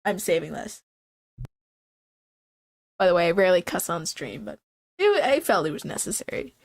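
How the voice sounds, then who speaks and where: A woman's voice: fairly low pitch, sing-song, fast. A young woman with a stuffy, congested voice chats casually on her stream. She rambles loosely and laughs often as she talks.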